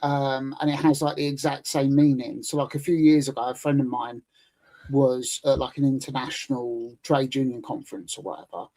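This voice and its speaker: A man's voice: medium pitch, flat delivery, normal speed, dark tone, low-quality recording. A British man in his thirties, talking as a guest in a loose, chatty way with plenty of fillers. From United Kingdom. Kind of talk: casual chat.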